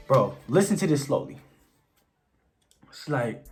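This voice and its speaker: A young man tells a story to his viewers in loose, slangy speech. His voice sits at a middling pitch, and he jumps into the dialogue to act it out. Soft music plays quietly underneath. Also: normal speed, pauses often. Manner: animated, slangy, acts out quoted dialogue. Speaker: vlogger. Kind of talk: storytime vlog.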